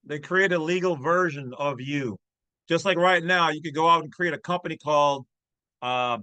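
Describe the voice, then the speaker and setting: A man's voice: a little high, sharp tone, no room sound, low-quality recording. A man hosting his channel, commenting in a brash, folksy, slangy way. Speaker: channel host. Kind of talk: casual commentary on a read-aloud text.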